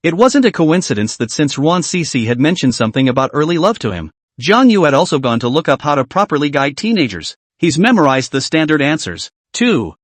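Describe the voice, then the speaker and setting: Man narrating a comic recap, lively pitch. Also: brisk, few pauses, no echo.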